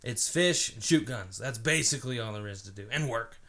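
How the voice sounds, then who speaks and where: A man's voice: mid-range voice, animated, brisk, fairly bright tone. A man in his twenties from Oregon, co-hosting a crude comedy podcast with lots of laughing and swearing. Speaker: podcast co-host. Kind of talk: casual crude comedy chat.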